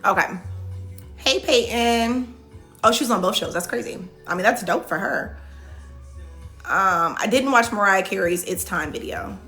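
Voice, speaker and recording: Soft background music sits under a reality show contestant hosting a casual livestream Q&A. Her medium-pitched voice is bright and forceful with lively intonation at a moderate pace, and she answers viewers' comments as they land, full of "like" fillers and restarts.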